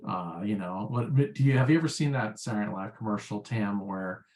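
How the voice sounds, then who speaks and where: A man's voice: on the low side, a little fast, a little mellow. A man, a former sales rep chatting as an interview guest in a rambling, filler-heavy way. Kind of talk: casual interview chat.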